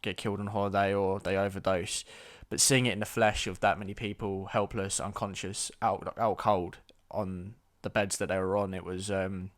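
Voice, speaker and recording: A man's voice: low voice, flat delivery, normal speed, hardly any pauses. A young man telling a story to camera, blunt and exasperated, swearing freely. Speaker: vlogger. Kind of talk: storytime vlog.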